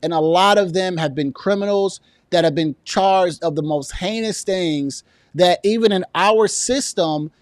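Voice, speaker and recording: In an unhurried rant with few pauses, a male commentary vlogger delivers political takes in a high voice, full of indignation and sarcasm, building point upon point. His audio is close and dry, with no room sound at all.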